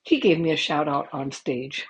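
A middle-aged woman with a lowish voice telling stories in a chatty, swearing way on a podcast, with laughing asides. She talks into a headset microphone, and a faint hiss sits behind her. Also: moderate pace, rough recording. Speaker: podcast host. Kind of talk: casual storytelling.

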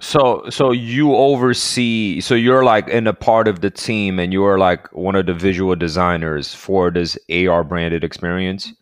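A man's voice: low-pitched, fairly even intonation, measured pace, hardly any pauses, smooth, no room sound, clean studio sound. A man with a New York accent co-hosting a podcast in a laid-back, easygoing way. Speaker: podcast co-host. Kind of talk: casual podcast chat.

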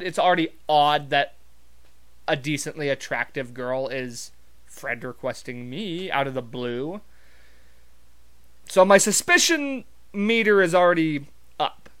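A man's voice: fairly high pitch, measured pace, pauses often, fairly bright tone, clean tone. A man from Montana telling a rambling, profane story in a casual, wry monologue full of fillers.

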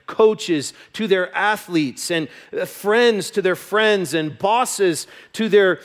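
A male pastor with a fairly high voice preaches with conviction. He builds to loud, emphatic peaks and then drops into a soft, hushed reading tone. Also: takes it slowly. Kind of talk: sermon.

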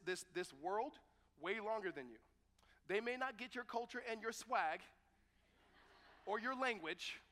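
Man preaching in a reverberant hall. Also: high voice. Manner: conversational, animated retelling with quoted dialogue. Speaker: pastor. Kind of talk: sermon with Bible reading.

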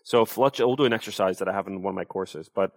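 A man's voice: sits low, fast, no room sound. A young adult man, a sales coach, explaining and demonstrating tones of voice in a casual interview.

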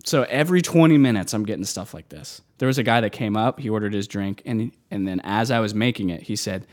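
A man's voice: fairly low pitch, normal speed. A man chatting casually, retelling annoying customer requests from his barista job with exasperation and acted-out dialogue. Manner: exasperated storytelling, acting out customers. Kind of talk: casual chat.

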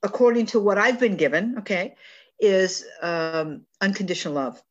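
A woman's voice: mid-range voice, normal speed, lo-fi sound. A woman hosting a spiritual talk, speaking in an earnest, affirming way and often repeating phrases. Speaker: host, numerology speaker. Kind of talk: spiritual talk show chat.

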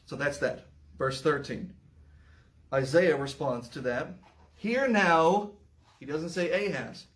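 A man teaching a verse-by-verse Bible study, animated and emphatic, with sarcastic asides. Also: fairly high pitch. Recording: roomy echo, mic far off.

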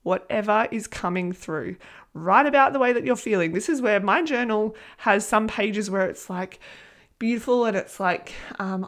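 An Australian woman hosts a solo podcast in a casual, chatty way. Her voice sits on the high side, and she speaks earnestly, with animated swings in tone and the odd swear word. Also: moderate pace. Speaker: podcast host and manifestation coach.

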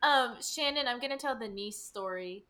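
A woman chatting on a podcast, telling an animated story and acting out what people said. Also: fairly high pitch, normal speed. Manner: animated storyteller, acts out quotes. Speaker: podcast guest. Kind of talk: casual chat.

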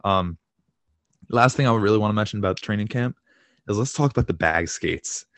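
A lowish male voice, a little fast and dry in the recording, belongs to a young sports podcast co-host. Recovering at home from a fractured shin, he tells stories excitably, swearing and laughing as he gets worked up in casual conversation.

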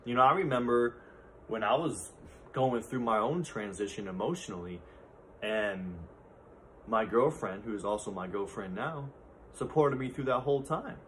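A man's voice: medium pitch, normal speed, fairly bright tone, slight background noise. A man in his thirties hosting a solo podcast, speaking in an earnest, heartfelt way from his own experience. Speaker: podcast host. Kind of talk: reflective solo talk.

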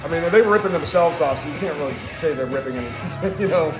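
A man co-hosting a casual podcast chat, talking fast and cutting in. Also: a little high. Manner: fast, talks over others. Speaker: podcast co-host. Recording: echoey room with music.

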